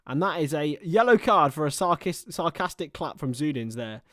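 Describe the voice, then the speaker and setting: Guy streaming a footy match, talks through the play and rambles a bit in between, slightly high voice, dry close mic. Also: expressive, moderate pace, fairly bright tone, dry recording. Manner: chatty, self-mocking asides between play-by-play. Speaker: livestream football commentator. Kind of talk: casual live match commentary.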